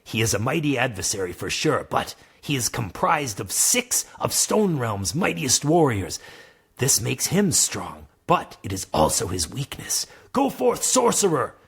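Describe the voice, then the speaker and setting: A man's voice: mid-range voice, wildly swooping pitch, a little slow, gravelly, breathy edge, exaggerated voice. A man voicing Granlo, a wise old male spirit guide who speaks in lofty, solemn phrases. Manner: solemn, lofty speech that slips into slang.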